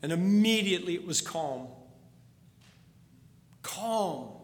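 High bright-voiced preacher in a reverberant hall. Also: male voice, animated, takes it slowly. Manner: storytelling, swings from hushed to urgent. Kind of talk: sermon.

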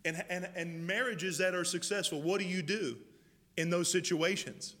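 A male pastor preaching a sermon, moving from loud calls to hushed, prayerful quoting. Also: high-pitched, steady tone, moderate pace. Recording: long reverb of a large hall.

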